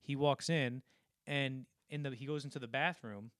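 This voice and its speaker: A man's voice: medium pitch, fairly even intonation, a bit bright, no echo, clean studio sound. Rambling man recapping a film. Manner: rambling, acts out film lines in quick impressions. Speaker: podcast co-host. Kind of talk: casual film discussion.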